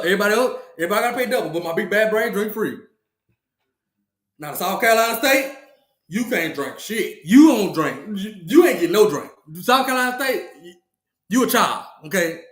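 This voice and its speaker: High-voiced man hyping his club, roomy. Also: a bit bright. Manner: playful trash talk, laughs often, repeats phrases. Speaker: podcast host. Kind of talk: casual comedic monologue.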